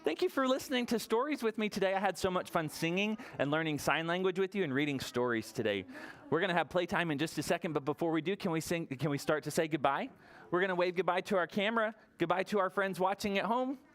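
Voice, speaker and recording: Librarian lady doing toddler story time, smooth clear voice, upbeat and encouraging, talks slow and simple for little kids. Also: on the low side. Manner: cheerful, encouraging, speaks slowly and plainly to toddlers. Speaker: children's librarian. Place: public library story room.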